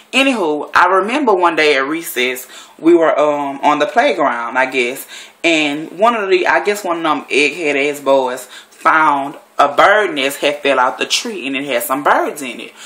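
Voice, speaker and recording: A woman's voice: deep voice, sharp tone. A woman vlogger telling a story in a blunt, profane and rambling way, sitting at home. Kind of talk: casual storytelling monologue.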